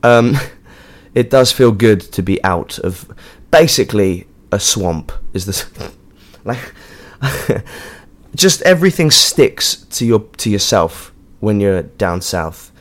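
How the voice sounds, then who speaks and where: Rambling, sweary Englishman, fairly low voice. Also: lively intonation, slow pace. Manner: rambling, sweary, jokey, with frequent fillers. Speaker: podcast host and touring musician. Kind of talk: casual monologue. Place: hotel room.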